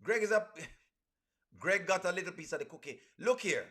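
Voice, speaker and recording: A man's voice: high voice, lively intonation, moderate pace. A man hosting a casual live stream, chatting with his audience and reading their comments aloud. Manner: reads viewer comments aloud, shouting out cities; chatty, addresses viewers as friends.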